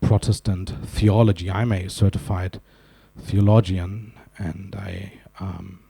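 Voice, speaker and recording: Dark, husky-voiced German man joking. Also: sits low, level tone, slow pace. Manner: wry, self-deprecating storytelling with asides. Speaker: conference speaker. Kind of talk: humorous keynote talk. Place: conference hall.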